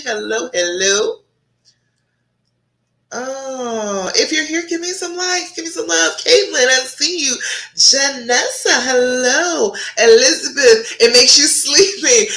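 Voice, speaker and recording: A woman relationship coach hosting a live stream, guiding breathing counts and chatting with viewers, laughing often. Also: mid-range voice. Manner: guides breathing counts softly, then chats and reads out viewer comments. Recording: roomy echo.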